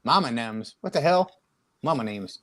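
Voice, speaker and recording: Wry musician guest with a dry close sound. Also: male voice, mid-range voice, lively intonation, moderate pace, a bit bright, no echo. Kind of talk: casual chat.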